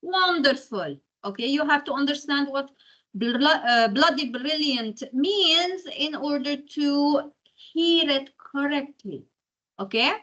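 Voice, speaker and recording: Bright-voiced lecturer. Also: female voice, sits high, animated, slow pace, highs cut off. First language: Arabic. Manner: explanatory, keeps checking in with "okay?". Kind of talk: university lecture.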